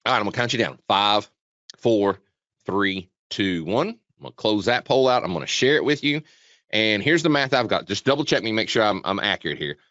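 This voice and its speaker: A man hosting a live trading webinar, chatty and energetic, talking quickly with frequent restarts. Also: on the low side, no echo. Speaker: webinar host, trading educator. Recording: dull, dry lo-fi sound.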